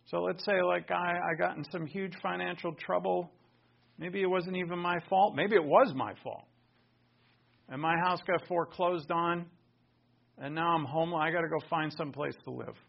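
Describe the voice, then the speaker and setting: A pastor preaching a sermon, emphatic and full of rhetorical questions. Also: male voice, high-pitched, steady tone, normal speed, vocal fry, highs cut off.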